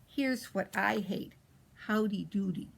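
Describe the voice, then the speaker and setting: A woman voicing a precocious, spoiled little girl as she reads a storybook in character, with a pert, drawn-out way of stressing words. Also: medium pitch, vocal fry, breathy edge, exaggerated voice, low-quality recording.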